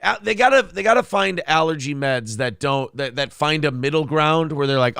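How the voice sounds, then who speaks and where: A man's voice: a little high, moderate pace, gravelly, hardly any pauses, bright, forceful tone, smooth, no room sound, clean studio sound. Jokey man hosting a live show. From Minnesota. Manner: rambling, jokey, reads chat comments aloud. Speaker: show host. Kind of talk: casual live-stream chat.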